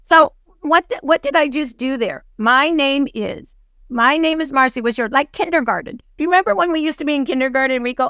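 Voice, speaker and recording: A woman with a high, bright voice leads a business webinar over a video call, coaching her audience through stories. She slips into the voices of the people in her stories as she tells them. The sound is close and dry, with no room around it. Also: brisk, dry recording. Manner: lively storyteller who acts out dialogue. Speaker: guest speaker, team leader. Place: home office on a video call. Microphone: video call microphone.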